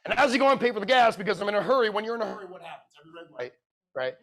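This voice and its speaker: A man's voice: high-pitched, animated, racing, crowd noise. A middle-aged man telling a sales story at a conference, acting out every line of dialogue. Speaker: keynote speaker. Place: conference room.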